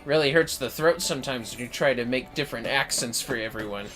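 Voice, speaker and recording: A man talks casually into his desk mic while streaming a game, swearing freely and answering chat. His voice is bright and forceful at a middle pitch, and faint game music plays underneath. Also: normal speed. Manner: chatty, swears freely, reads chat aloud. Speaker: livestreamer. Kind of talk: casual gameplay commentary.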